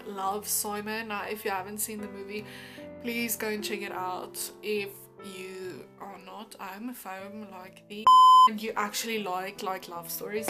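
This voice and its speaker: A woman's voice: mid-range voice, a bit bright. A woman vlogger talking casually and emphatically, reacting to comments with exasperation.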